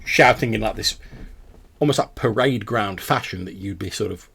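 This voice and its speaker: A man's voice: fairly low pitch, moderate pace, vocal fry, fairly bright tone, breathy edge. A man, narrating a tabletop game as game master in a loose, chatty way.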